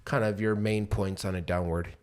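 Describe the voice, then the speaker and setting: A man co-hosting a business podcast, teaching with lively examples and acting out rising and falling tones. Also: lowish voice, moderate pace. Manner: animated, acts out rising and falling tones to make points. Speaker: podcast co-host. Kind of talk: coaching podcast talk.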